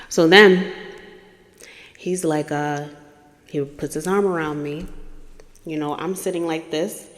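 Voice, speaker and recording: A woman hosting a storytelling podcast who acts out the dialogue in her story and swings between loud bursts and hushed asides. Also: lowish voice, steady tone, a little slow, long pauses, big-room sound, slight background noise. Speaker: podcast host.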